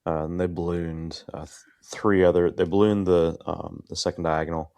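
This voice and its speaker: A middle-aged man co-hosting a podcast, a first responder explaining his heart attack in a measured, clinical way. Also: low voice, level tone, gravelly. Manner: measured, clinical, trails off softly. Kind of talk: conversational storytelling.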